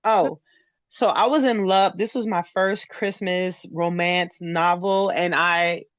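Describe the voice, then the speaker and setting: A woman's voice: lowish voice, fairly even intonation, takes it slowly, no echo, highs cut off. A woman book club member asking the author questions with an enthusiastic, giggly manner. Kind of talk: casual book club discussion.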